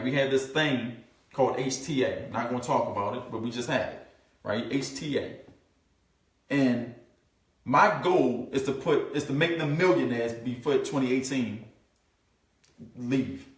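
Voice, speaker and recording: A middle-aged man giving a motivational business coaching talk, emphatic and preachy, with casual slangy grammar and a constant "you know what I'm saying". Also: mid-range voice. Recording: roomy and distant from the mic.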